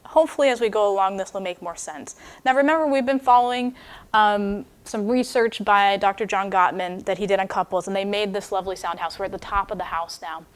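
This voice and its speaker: A young woman preaching a sermon, retelling a story in a lively, expressive, chatty way. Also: mid-range voice, a little fast, clear, resonant tone.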